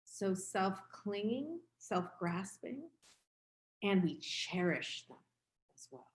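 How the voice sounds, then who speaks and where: A woman's voice: medium pitch, lively intonation, slow pace. A woman in her fifties giving a dharma talk as a meditation teacher, speaking in a candid, reflective, conversational way. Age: 50s. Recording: roomy echo.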